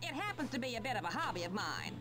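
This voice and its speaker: Haughty high-society bowling captain. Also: female voice, big pitch swings. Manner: haughty, theatrical, drawn-out. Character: snooty upper-crust female bowling league captain. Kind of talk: cartoon game voice acting. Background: game music.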